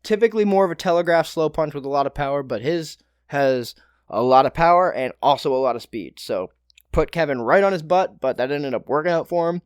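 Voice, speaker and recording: A young man talks through fight results on his solo podcast, loose and profane, tossing in joking asides. His voice sits a touch high for a man. The sound is dry and close, with no room behind it. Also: animated, a little fast, clean tone, no echo. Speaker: podcast host. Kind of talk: casual solo fight breakdown.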